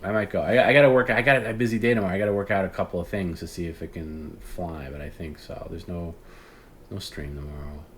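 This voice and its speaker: Low-voiced man rambling through a story. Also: fairly even intonation, fast talker, a bit bright, slight background noise. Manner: rambling storytelling, frequent swearing, acts out phone calls. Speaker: podcast host. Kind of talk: casual livestream chat.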